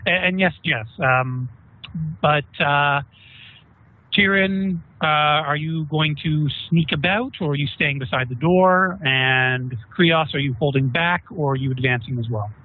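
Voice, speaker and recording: A man running a tabletop game, narrating scenes and asking players what they do, in a relaxed, chatty way. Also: fairly high pitch, a little slow. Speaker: game master. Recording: tinny phone-like online call.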